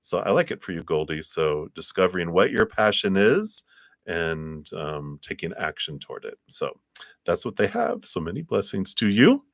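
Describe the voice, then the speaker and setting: A man's voice: wildly swooping pitch, moderate pace, creaky, dry recording, clean studio sound. A man doing live tarot readings for viewers, chatty and full of fillers, acting out little imagined conversations. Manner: chatty, acts out little scenes in higher voices. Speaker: tarot reader.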